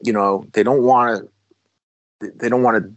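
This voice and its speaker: Middle-aged ex-cop telling stories, rambling and dry. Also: male voice, fairly low pitch, fairly even intonation, normal speed, no echo, low-quality recording. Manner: rambling, with restarts and self-corrections. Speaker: guest, former police officer. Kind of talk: casual storytelling conversation.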